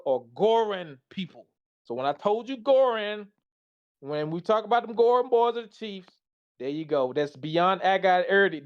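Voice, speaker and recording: A man's voice: high voice, muffled recording. A tired man giving a casual, slangy presentation, reading slides aloud and reacting to them. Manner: loose, slangy, talks back to the slides.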